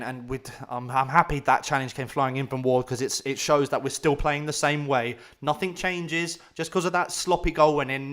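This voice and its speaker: A man giving live fan commentary on a football match, excitable and swinging between shouting at chances and anxious muttering. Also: mid-range voice.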